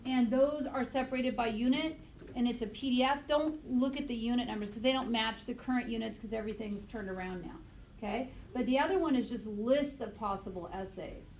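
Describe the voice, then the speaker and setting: A woman biology teacher lecturing a class, quizzing students with quick questions, recorded on a tablet mic across the classroom. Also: a little high, darkish tone. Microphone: tablet mic from across the room. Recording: echoey classroom, distant mic, faint noise.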